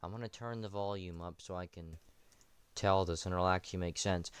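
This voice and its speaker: A man's voice: low-pitched, fairly even intonation, brisk, smooth, dry recording. A young man streaming early in the morning, tired with a morning voice, rambling and correcting himself as he tells a story. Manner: rambling, self-correcting, sleepy.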